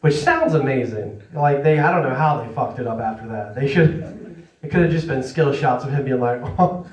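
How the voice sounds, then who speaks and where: A man's voice: medium pitch, normal speed, distant mic. A man doing a stand-up set in a comedy club. He is self-deprecating, laughs through his lines and keeps checking in with the crowd. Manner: chatty and checks in with the audience. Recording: roomy, from away from the mic.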